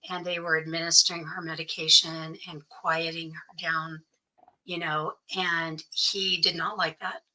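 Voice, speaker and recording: Speaking a bit slowly in a low, level, sharp voice, this middle-aged guest recounts her own story with real earnestness. She relies heavily on "you know" and repeats what others said to her, and the recording is rough.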